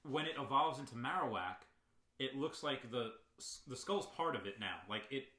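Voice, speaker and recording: A man's voice: medium pitch, animated, normal speed, pushed and bright, echoey room. A man co-hosting a casual podcast, chatting enthusiastically and rambling with frequent laughs. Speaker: podcast co-host. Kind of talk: casual chat.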